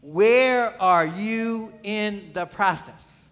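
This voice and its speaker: A man preaching a sermon as pastor, calling questions out to the congregation and swinging from pleading cries to low, quiet lines. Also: very slow. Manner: pleading, rising to near-shouts, then dropping low. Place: church.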